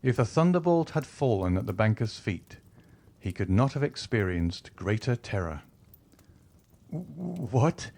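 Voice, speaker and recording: Expressive male audiobook narrator. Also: on the low side, normal speed.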